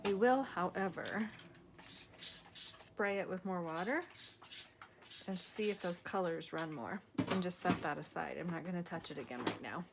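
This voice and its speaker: A tired woman hosting a crafting video, chatting casually and softly, at times dropping to a whisper as she works. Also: mid-range voice, background noise. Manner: soft-spoken, drifts into whispers while working.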